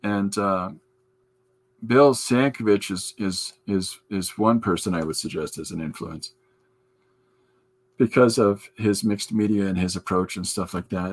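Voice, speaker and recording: A man's voice: sits low, measured pace. A man hosting a podcast, chatting casually with his live viewers from his art studio while he draws. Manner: chatty, answers viewers' comments aloud. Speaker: podcast host and comic artist. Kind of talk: casual live-stream chat while drawing.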